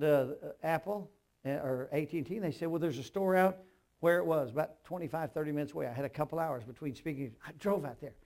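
An older male pastor preaches a sermon. His voice is gravelly and sits a little high. He tells stories in a hushed tone, then bursts into loud, emphatic asides with a touch of humor.

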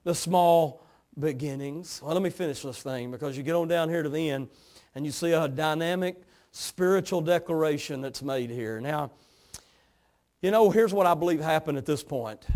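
A man preaching a sermon, fervent and emphatic, repeating words and building to loud peaks. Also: a little high, moderate pace. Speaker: pastor.

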